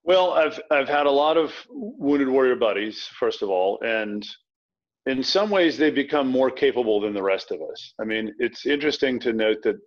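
A middle-aged man from Virginia, an author talking casually as an interview guest, quick and anecdotal with frequent restarts. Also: mid-range voice, lively intonation. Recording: dull lo-fi sound.

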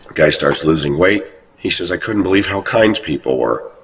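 A man's voice: low-pitched, expressive, moderate pace, breathy edge. A man rambling through a monologue about his life, often quoting people in a raised voice. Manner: rambling, quotes others in raised voice. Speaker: video blogger. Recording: muffled, distant lo-fi recording.

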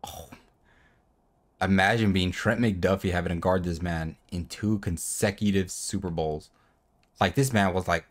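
Excitable young man calling a football game. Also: sits low, takes it slowly, pauses often. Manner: excitable, swears a lot, laughs and shouts at big plays. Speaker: gaming video creator. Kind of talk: casual gameplay commentary. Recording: music bed under the voice.

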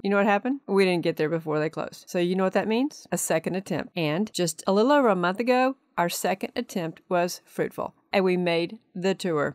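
A woman's voice: mid-range voice, dry recording, clean studio sound. A woman travel vlogger narrating a video voice-over in a chatty way, often asking the listener questions.

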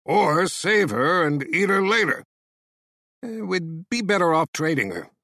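A man voicing a gruff, predatory male captor who argues in a heated voice. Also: high-pitched, very animated, unhurried, bright, forceful tone, no echo, studio quality, voice pushed up, heavily acted. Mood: scheming. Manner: heated, arguing.

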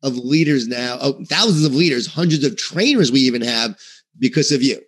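A man's voice: medium pitch, lively intonation, a little fast, breathy edge. A man who is a book author, speaking as an interview guest in an earnest, reflective way. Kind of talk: interview conversation.

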